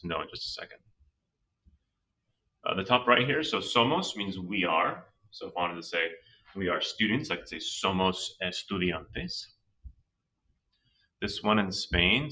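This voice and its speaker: A man teaching a slow, patient language lesson, talking through each step of his reasoning. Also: low voice, sharp tone, far from the mic, rough recording. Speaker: Spanish teacher.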